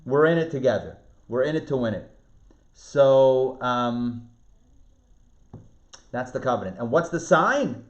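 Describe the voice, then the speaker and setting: Rabbi teaching over video call; energetic, repeats himself, quizzes the class. Dull, echoey sound. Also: male voice, medium pitch, unhurried, pauses often. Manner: lively, repeats words and restarts, asks the class questions. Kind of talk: online Torah class lecture. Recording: roomy, muffled video-call audio.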